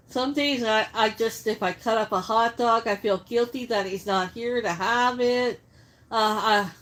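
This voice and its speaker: High-voiced woman chatting on a livestream. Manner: chatty, reads viewer comments aloud and answers them. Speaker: livestream host. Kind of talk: casual live-stream chat while cooking.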